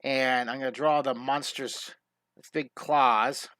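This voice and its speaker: A man's voice: mid-range voice, fairly even intonation, takes it slowly, sharp tone, a little hiss or hum. A man hosting a live online drawing lesson, chatty and upbeat, talking through each step as he draws and often restarting his sentences. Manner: frequent restarts and self-corrections. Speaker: drawing teacher and show host.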